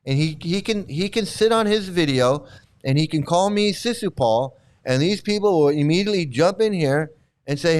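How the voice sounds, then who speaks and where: A man's voice: on the high side, expressive, normal speed, darkish tone, clean tone. Combative, mocking male commentator. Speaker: streamer. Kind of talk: ranting commentary.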